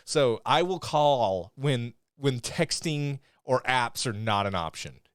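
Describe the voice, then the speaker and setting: A man's voice: mid-range voice, lively intonation, slow pace, clear, resonant tone, dry recording, studio quality. A young man co-hosting a podcast, chatting casually and animatedly, swearing freely and acting out quoted lines. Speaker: podcast co-host. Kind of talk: casual chat reviewing a TV episode.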